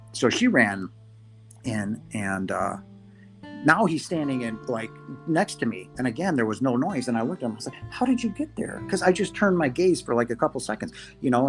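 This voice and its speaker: A man, a podcast guest, earnestly recounting a personal encounter, halting with restarts and quoting himself as he goes. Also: medium pitch. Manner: earnest, halting, many restarts and quoted asides. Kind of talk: first-person storytelling.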